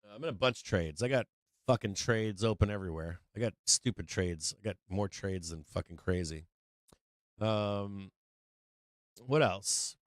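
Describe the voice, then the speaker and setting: A man's voice: fairly low pitch, moderate pace, dry recording, clean studio sound. A middle-aged man hosting a casual trading livestream, ranting with lots of swearing and laughing as he talks. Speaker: livestream stock trading host.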